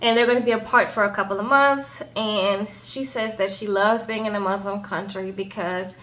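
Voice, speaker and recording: A woman reviewing a reality show in a casual, animated chat, often tagging lines with "okay?" and "baby". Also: mid-range voice, normal speed.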